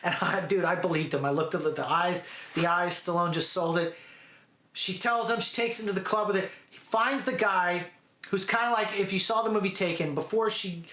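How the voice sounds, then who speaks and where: A man giving a casual, animated movie recap, chatty and full of "dude" and "okay". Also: high-pitched, normal speed, reverberant. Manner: animated storytelling, acts out quotes. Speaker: movie reviewer.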